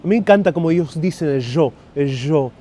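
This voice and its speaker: A man imitating a calm Argentine man with a put-on Argentine Spanish accent, speaking slowly and soothingly. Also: fairly high pitch, a little hiss or hum, natural voice. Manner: slow, soothing, drawn-out delivery. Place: outdoors on a city street.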